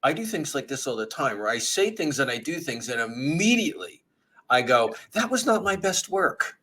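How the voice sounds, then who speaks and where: A man's voice: mid-range voice, big pitch swings, moderate pace, sharp tone, breathy edge. A man co-hosting a podcast in casual chat, teasing his friend, swearing freely and acting out other people's voices. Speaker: podcast co-host.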